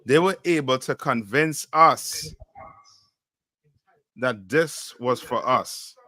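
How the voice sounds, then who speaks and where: A man's voice: mid-range voice, takes it slowly, pushed and bright, dry recording. A man teaching a class in call-and-response style, firing questions and often asking "you know what I mean?".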